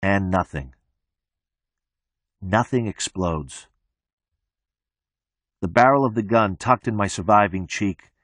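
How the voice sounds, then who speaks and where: A man narrating an audiobook in the first person, with a flat, detached delivery. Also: lowish voice, slow, pauses often, no room sound, clean studio sound.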